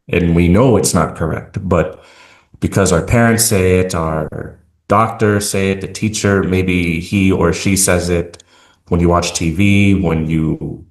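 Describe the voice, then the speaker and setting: A man's voice: deep voice, roomy sound. An American man talking casually as an interview guest, hesitant with many fillers and restarts. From United States.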